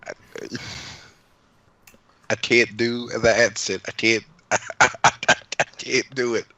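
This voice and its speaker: A man playing a tabletop game, joking and asking quick questions in casual chat. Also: mid-range voice, level tone, sharp tone, rough recording. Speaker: player.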